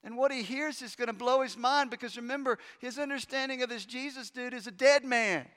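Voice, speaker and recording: A man preaching a sermon as pastor, emphatic, swinging between urgent loud stretches and hushed, intense ones, with conversational asides to the congregation. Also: extremely high pitch, a little fast. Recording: long hall reverb.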